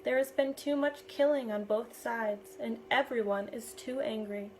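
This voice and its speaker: A weary soldier speaking low and confidingly, read by a woman with a slightly high voice. The lines come hushed and slow. A faint hush sits behind. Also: steady tone, a little hiss or hum, natural voice, low-quality recording. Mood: grim.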